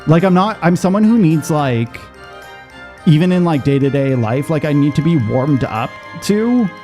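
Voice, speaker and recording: Man streaming a game, quick chatty commentary, mellow slightly high voice, faint music behind. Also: expressive. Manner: rapid, chatty, swears freely. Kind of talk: casual gaming commentary.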